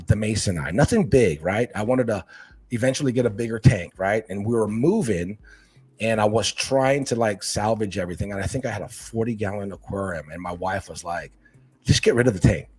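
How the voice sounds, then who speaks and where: A middle-aged man from Hawaii telling casual stories about his life, animated and acting out what his family said. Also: on the low side, fairly quick, husky. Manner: animated, acts out family quotes. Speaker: podcast guest. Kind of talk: casual storytelling chat.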